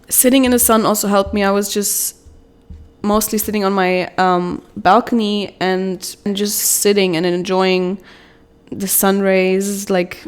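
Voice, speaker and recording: A young woman and mother talking in a soft, rambling, confessional way in a self-help vlog, with many fillers. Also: mid-range voice, little pitch movement, unhurried, clear, resonant tone. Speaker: vlogger, mother.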